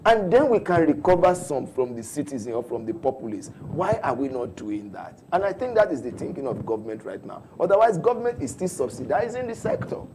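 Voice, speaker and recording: A middle-aged Nigerian man with a Nigerian English accent, a company spokesman explaining policy in a measured radio interview. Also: fairly high pitch, big pitch swings, a little mellow, a little hiss or hum. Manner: measured, explanatory, many restarts. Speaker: head of corporate communications, studio guest.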